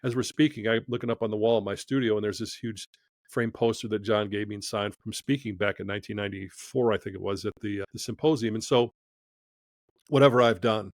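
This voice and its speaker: A man's voice: fairly low pitch, fairly even intonation, fast talker, no room sound. A man who is a podcast guest, telling a story in conversation from his studio, acting out the dialogue as he goes.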